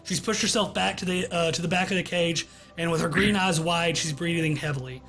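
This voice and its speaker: Higher-voiced man running a tabletop game. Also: a little fast, soft background music. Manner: descriptive, relaxed with fillers. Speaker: game master. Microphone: online voice call.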